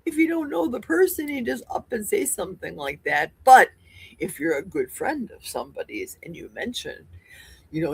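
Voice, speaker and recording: A woman's voice: medium pitch, sing-song, moderate pace, vocal fry, slightly rough. A woman in her sixties from Wisconsin with a Midwestern accent, hosting a livestream in casual, rambling chat with folksy asides while reading viewer comments. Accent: Midwestern American. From Wisconsin, USA. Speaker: livestream host.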